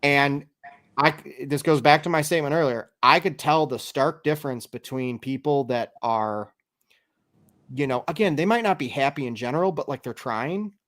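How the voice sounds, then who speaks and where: A man hosting a casual podcast chat, animated and swearing freely, his voice jumping up when he gets excited. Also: fairly high pitch, moderate pace. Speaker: podcast host.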